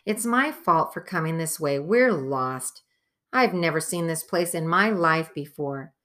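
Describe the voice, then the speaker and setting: Casting: level-headed teenage boy leader, read by a woman, slow, bright tone. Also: sits low, lively intonation. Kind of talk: audiobook character voice.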